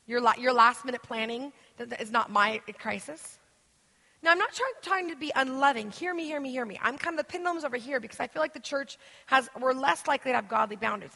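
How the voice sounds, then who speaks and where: A woman teaches a church gathering in a high, bright voice, animated and acting out the people she quotes. Her words ring with the long reverb of a large hall. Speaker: guest speaker.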